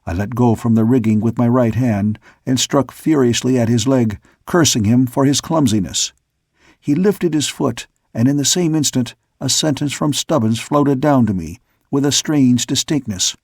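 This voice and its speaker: A man narrating a classic novel in a measured storytelling manner on a close studio mic. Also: mid-range voice, a little mellow, husky, dry recording. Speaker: audiobook narrator. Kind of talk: scripted narration.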